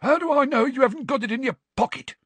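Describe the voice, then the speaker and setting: A man's voice: very high voice, animated, fast talker, fairly bright tone, slightly rough, no echo, voice pushed up, exaggerated voice. A man voicing a bitter, wheezing old male caretaker in an audiobook, hissing and furious. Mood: angry. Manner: hissing, furious, self-satisfied. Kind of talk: audiobook character voice.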